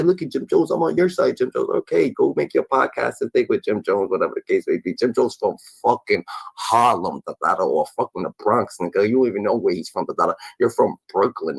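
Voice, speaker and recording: Fast, husky man ranting mockingly. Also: fairly low pitch, dry recording, poor audio. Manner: mocking, filler chant "da, da, da". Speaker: reaction commentator. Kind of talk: profane reaction rant.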